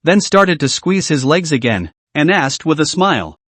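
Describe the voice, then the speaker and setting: Man, story narrator, animated, somewhat high voice, dry close sound. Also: moderate pace, no echo.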